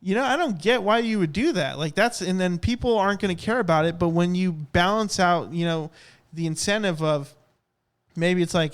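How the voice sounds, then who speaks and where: A young man co-hosting a podcast, telling rambling, animated stories in casual chat. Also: high voice, normal speed, clear, resonant tone. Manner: rambling, animated storytelling with acted-out quotes. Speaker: podcast co-host.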